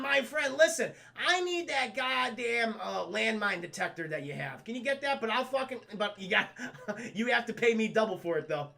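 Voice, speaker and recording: A gleeful cartoon crime boss with a raised, gravelly voice, put on by a man retelling the scene. He brags and swears with brash confidence. The tone is bright and edgy. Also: sits high, heavily acted. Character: scheming male supervillain crime boss, gleeful.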